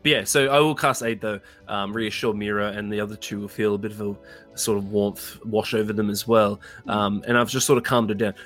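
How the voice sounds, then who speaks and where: A man's voice: on the low side, fairly even intonation, a little fast, a bit bright, soft background music. A man playing a tabletop game, describing his character's actions in a hesitant, casual way. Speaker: player.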